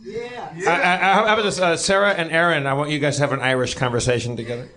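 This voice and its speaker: A man's voice: a little high, fairly even intonation, quick pace, crowd noise. A man co-hosting a live comedy podcast, rambling through his stories with lots of restarts and stammers. His voice sits a bit above average for a man. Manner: rambling, stammering anecdote telling. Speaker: podcast co-host.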